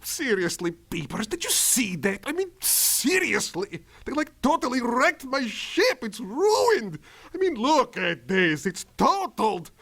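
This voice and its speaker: A man's voice: sing-song, unhurried, a bit bright, exaggerated voice. A man voicing a boastful, whiny alien villain overlord from a cartoon, swinging between grand boasts and tantrums. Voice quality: gravelly, swinging from booming to whiny. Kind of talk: cartoon voice impression.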